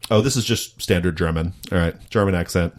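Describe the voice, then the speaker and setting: A man's voice: sits low, a little fast. A man hosting a casual podcast, teasing his co-hosts and laughing often. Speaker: podcast host. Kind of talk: casual chat.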